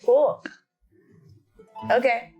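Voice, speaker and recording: Upbeat higher-voiced woman player. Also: steady tone, muffled recording, soft background music. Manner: upbeat, quick asides, laughs often. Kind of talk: casual post-game chat.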